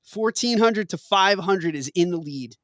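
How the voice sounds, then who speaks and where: A man's voice: high-pitched, lively intonation, a little slow, fairly bright tone, no room sound, studio quality. A man hosting a casual trivia game, reading questions with playful emphasis and laughing often. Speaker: quiz host.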